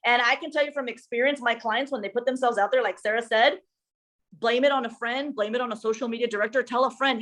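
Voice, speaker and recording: Young woman social media pro, high voice, talks fast and chatty, drops spanish bits in. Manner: lively, chatty, mixes in Spanish phrases. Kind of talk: casual workshop chat.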